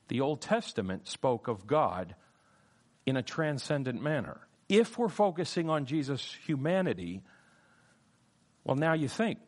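A man teaching a sermon on scripture, emphatic and repetitive, swinging his voice up and down to stress key points. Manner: emphatic, repeats key phrases, wide swings in pitch and loudness. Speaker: preacher.

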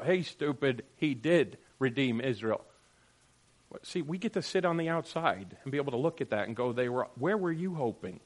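A man preaching a sermon as pastor, swinging from loud emphatic lines to quiet, joking asides with his congregation. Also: medium pitch, big pitch swings, normal speed.

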